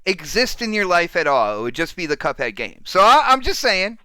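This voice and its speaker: Male podcast host, casual panel chat, excitable, teasing, bright crisp voice, dry close sound. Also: sits high, brisk, no echo. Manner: excitable, teasing, calls people dude and man.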